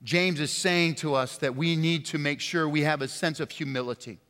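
Impassioned preacher in a reverberant hall. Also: male voice, fairly even intonation, normal speed. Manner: impassioned preaching, swinging from loud emphatic highs to quiet low stresses. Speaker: pastor. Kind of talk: sermon. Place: church sanctuary.

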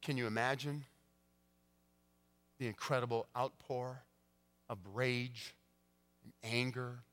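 A male pastor preaching a sermon, swinging between hushed, quiet passages and emphatic, rising declarations. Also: medium pitch, fairly even intonation, takes it slowly, pauses often. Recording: long church-hall reverb.

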